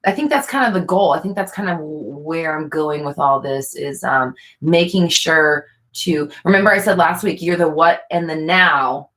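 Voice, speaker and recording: A woman's voice: low voice, moderate pace, few pauses, a bit bright. A woman coaching viewers in casual talk, earnest and repetitive, thinking aloud with fillers. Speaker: manifestation coach answering viewer questions.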